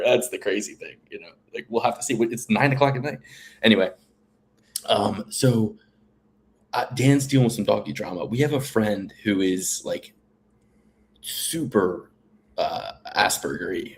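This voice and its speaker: A man's voice: lowish voice, a little hiss or hum. A man co-hosting a casual podcast chat, telling long rambling stories with fillers and restarts. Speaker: podcast co-host.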